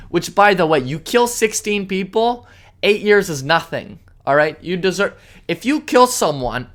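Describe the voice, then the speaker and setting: A man hosting a solo podcast, ranting sarcastically and indignantly, jumping between loud outbursts and muttered asides. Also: on the high side. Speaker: podcast host. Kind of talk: solo opinion rant.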